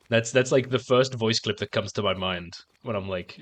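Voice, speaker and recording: A man's voice: on the low side, a little fast, hardly any pauses. A man streaming a game and chatting casually, rambling with stammered restarts and frequent swearing. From outside the United States. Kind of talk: casual chat while gaming on stream.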